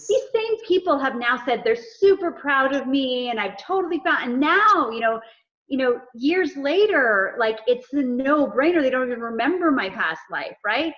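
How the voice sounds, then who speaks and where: A high-pitched woman speaks in a relaxed interview, animated as she plays out little exchanges of dialogue. The sound is dull and somewhat lo-fi. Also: moderate pace. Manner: animated storyteller acting out dialogue. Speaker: executive coach, guest. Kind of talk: casual interview conversation.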